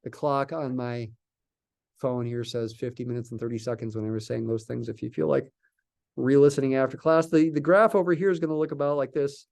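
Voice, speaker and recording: A man's voice: mid-range voice, fairly even intonation, brisk, creaky, darkish tone. A man teaching a live calculus class, thinking aloud and asking and answering his own questions as he goes. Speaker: math lecturer.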